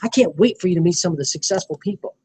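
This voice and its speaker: A man training a small group in network marketing, animated and coaching, often acting out sales dialogue. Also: sits high, very fast, slight background noise, rough recording.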